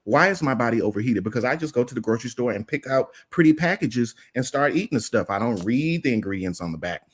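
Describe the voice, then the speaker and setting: A man's voice: mid-range voice, animated, fast talker, husky. A man, chatting casually and telling a story in an earnest, plain-spoken way. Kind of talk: casual chat.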